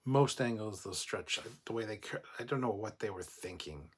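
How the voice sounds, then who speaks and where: A man's voice: fairly low pitch, animated, moderate pace, breathy edge. A man hosting a casual livestream, reading chat comments aloud and giving blunt, opinionated replies with plenty of swearing.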